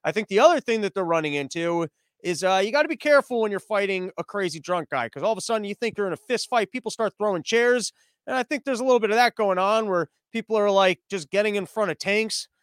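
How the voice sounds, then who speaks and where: A man hosting a casual podcast monologue, rambling, profane and animated. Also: high voice, fast talker, clean tone, no room sound. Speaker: podcast host.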